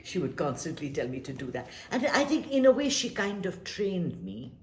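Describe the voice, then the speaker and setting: Woman, low pitch, casual advice talk, emphatic, repeats phrases, echoey room. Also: moderate pace. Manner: animated, emphatic, repeats phrases, drops to soft whispers for emphasis. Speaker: speaker giving life advice.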